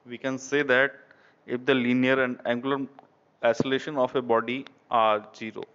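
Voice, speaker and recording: A man with an Indian English accent giving an online engineering lecture, halting and repeating phrases, often saying "okay". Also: mid-range voice, little pitch movement, fairly bright tone, clear, resonant tone. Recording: dull lo-fi recording.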